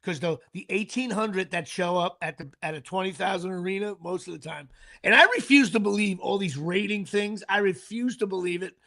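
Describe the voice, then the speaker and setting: A man's voice: high voice, a little fast, sharp tone. A middle-aged man, hosting a show in casual, comedic, profane chat with stammering repeats. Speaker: podcast host.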